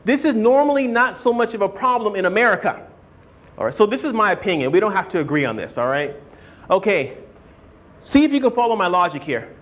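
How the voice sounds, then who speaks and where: A man teaching a writing class, animated, often asking students whether they follow and acting out hedging speakers. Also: fairly quick. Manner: animated, keeps checking understanding with questions; acts out hedging speakers in a higher voice. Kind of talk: classroom lecture.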